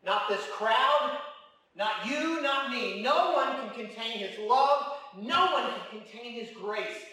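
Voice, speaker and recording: A man with a high voice preaching a sermon. He asks his listeners question after question and drives points home by repeating them. He sounds far from the mic in a big, strongly echoing room, likely a church. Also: lively intonation, takes it slowly, pushed and bright. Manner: asks the audience many rhetorical questions and repeats lines for emphasis. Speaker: pastor.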